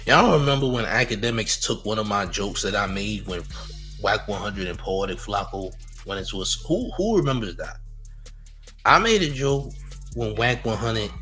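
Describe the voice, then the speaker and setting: Young male livestream host, low voice, punchy and cocky, repeats himself, laughs at his own jabs. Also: bright, forceful tone. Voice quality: boastful, trash-talking. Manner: repeats phrases, laughs between lines. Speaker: YouTube commentary host. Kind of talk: livestream commentary with chat.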